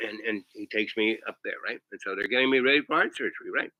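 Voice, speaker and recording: A man's voice: fairly low pitch, fast, hardly any pauses, sharp tone, dry recording, rough recording. A man telling a rambling comic anecdote, often tagging his lines with "right?". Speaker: storyteller.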